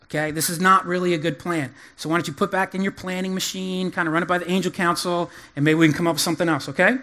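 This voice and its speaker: A man's voice: sits high, steady tone, quick pace, pushed and bright. A man voicing a fretful male believer who nervously over-explains things to God in a chatty tone.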